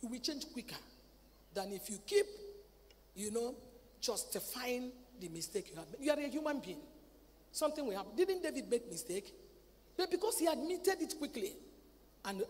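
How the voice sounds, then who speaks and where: A woman preaching a sermon at a convention. She talks in a lively way, acts out family dialogue and repeats words. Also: a little high, moderate pace. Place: large convention hall. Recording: reverberant hall, faint ambient noise.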